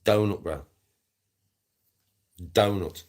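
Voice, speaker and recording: A man's voice: deep voice, extremely slow, a little mellow. A middle-aged man with a Black Country accent ranting on a livestream, sweary, scornful and repetitive. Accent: Black Country English. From England. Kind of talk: angry livestream rant.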